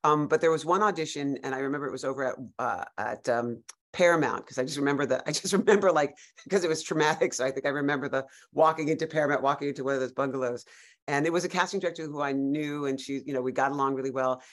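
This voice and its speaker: A woman actor as a podcast guest, telling lively stories in a casual, animated way with frequent restarts. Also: low-pitched, quick pace. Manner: animated storyteller, many restarts and laughs.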